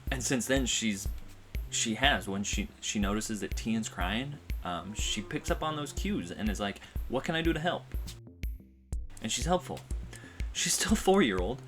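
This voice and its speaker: A man's voice: on the low side, expressive, a little slow, a bit bright. A man telling a personal story in a vlog, in a rambling, heartfelt way with many fillers and restarts. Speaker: vlogger. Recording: music playing behind.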